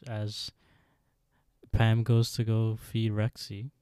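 Slow, dark-voiced man recapping. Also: lowish voice, completely flat delivery, smooth, dry recording, clean studio sound. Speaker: podcast co-host. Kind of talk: casual episode recap.

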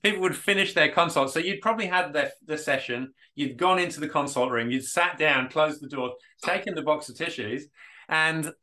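A man hosts a casual podcast interview. His voice sits at a middle pitch with a bright tone. He talks things through thoughtfully and often chimes in to agree. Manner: reflective, agreeable, many backchannels. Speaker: podcast host.

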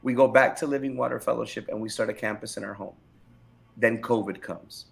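A middle-aged man, a pastor, telling his personal testimony in a candid interview, animated and emphatic, often repeating phrases for weight. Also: on the low side, brisk, vocal fry.

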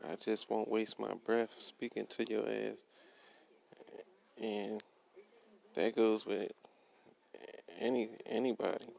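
A man's voice: lowish voice, vocal fry, a little mellow, low-quality recording. A young man in a blunt, profane, casual rant about work, repeating himself and quoting what he told people. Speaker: worker ranting about his job.

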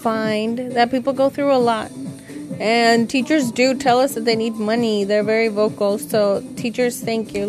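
A woman hosting her own podcast, a parent talking in a loose, rambling, chatty way, swearing freely and laughing at herself. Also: fairly high pitch. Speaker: podcast host. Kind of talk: casual solo podcast chat.

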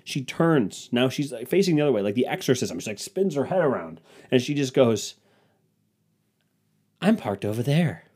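A man's voice: medium pitch, big pitch swings, a little fast, darkish tone, husky. A young man hosting a solo podcast, telling comedic stories in a rambling, crude, self-mocking way. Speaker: podcast host.

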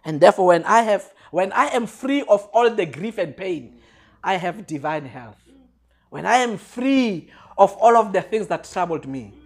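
A preacher delivering a sermon, repeating refrains and swinging from quiet lines to shouted peaks. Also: mid-range voice, lively intonation, normal speed.

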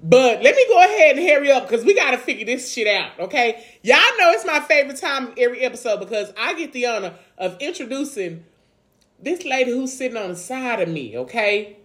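A woman's voice: fairly high pitch, big pitch swings, fairly quick. A woman co-hosting a casual podcast, upbeat, plugging the show and egging her partner on. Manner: hypes, plugs links, laughs along. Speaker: podcast co-host. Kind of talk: casual chat.

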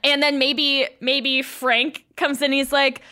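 A woman's voice: high voice, flat delivery, slow, pushed and bright. A woman co-hosting a podcast, laughing easily and steering the comedy plan. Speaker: podcast co-host. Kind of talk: casual comedy brainstorming.

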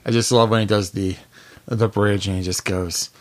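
A man co-hosting a podcast, chatting casually about music, laid-back and quick to laugh, with lots of filler words. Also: on the low side, fairly even intonation. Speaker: podcast co-host.

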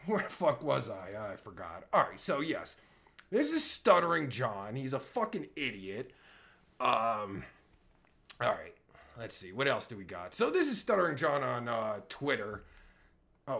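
A man's voice: a little high, sing-song, normal speed, fairly bright tone. A man live-streaming from his phone, delivering a crude, exasperated comedic rant full of profanity.

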